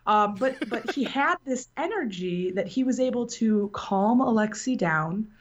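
A woman's voice: on the high side, animated, unhurried. Woman podcast host, loose rambling storyteller who laughs easily, lo-fi sound. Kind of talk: casual chat.

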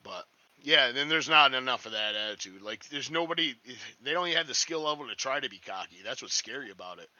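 A man's voice: mid-range voice, lively intonation, quick pace, bright, forceful tone, dry recording, lo-fi sound. A man chatting casually as a restaurant line cook, rambling, swearing a lot and sounding cocky. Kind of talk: casual podcast chat.

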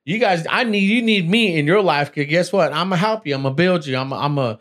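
A man hosting a motivational podcast, talking in an animated, slangy way and often saying "man". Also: fairly high pitch, brisk. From Native American. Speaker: podcast host.

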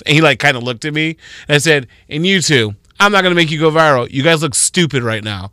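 Morning radio co-host, man in his thirties, bright and forceful, dry studio sound, sassy storyteller. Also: fairly high pitch, brisk, smooth, no room sound. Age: 30s. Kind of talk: casual radio banter.

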